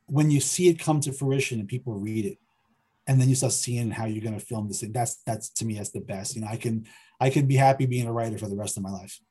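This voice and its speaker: Hesitant man with dark husky voice. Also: mid-range voice, quick pace. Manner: hesitant, repeats words while thinking aloud. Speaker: filmmaker and writer guest. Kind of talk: conversational interview.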